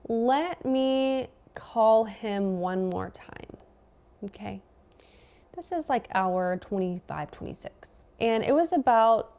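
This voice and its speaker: A woman's voice: medium pitch, a little mellow. A young adult woman, a podcast guest, telling a personal story in casual chat and acting out both sides of the conversation.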